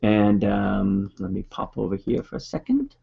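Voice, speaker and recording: A man's voice: fairly low pitch, lively intonation, moderate pace, creaky, husky, highs cut off. A man with a Boston accent presenting a video marketing webinar in a casual, upbeat coaching manner.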